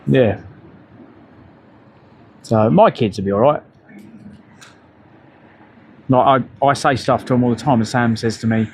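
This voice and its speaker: A man's voice: mid-range voice, moderate pace, pauses often, darkish tone, slight background noise. A middle-aged man, telling rambling, profane stories to his live-stream chat while out on a bike ride. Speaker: livestreamer.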